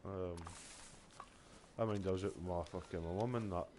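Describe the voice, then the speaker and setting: Scottish male streamer, low-pitched, loose and profane storyteller. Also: moderate pace, darkish tone, a little hiss or hum. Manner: sweary, rambling storyteller. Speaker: game streamer. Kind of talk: casual chat while gaming.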